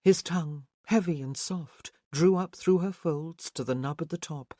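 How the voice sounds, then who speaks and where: The clip features a romance novel being read aloud by an audiobook narrator whose pitch sits in the middle range. Delivery is slow and level, and the audio is dry and close with no echo.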